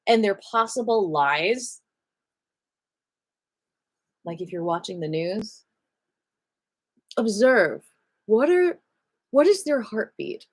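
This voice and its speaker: A woman leading a live online qi gong class in a chatty, animated way, giving gentle breathing cues and greeting viewers by name. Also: on the high side, breathy edge. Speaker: qi gong teacher.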